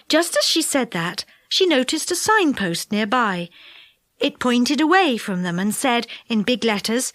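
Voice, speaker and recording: A woman narrates a children's audiobook in an expressive, unhurried way. Her voice sits a little high and moves a lot in pitch. The studio sound is dry and close. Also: dry recording.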